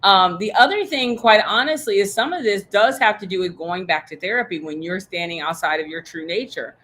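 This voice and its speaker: A woman coaching a group in an animated, emphatic, blunt way, with the odd curse. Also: mid-range voice, brisk, poor audio. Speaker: sales coach. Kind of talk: coaching talk.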